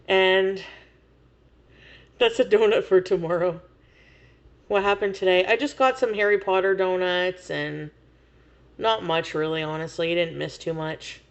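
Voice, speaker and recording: A woman chats with her stream viewers at an unhurried pace, laughing often and swearing freely. Her story is loose and rambling. The audio sounds a little dull and muffled. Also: lowish voice, fairly even intonation. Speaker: livestreamer. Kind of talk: casual chat to viewers.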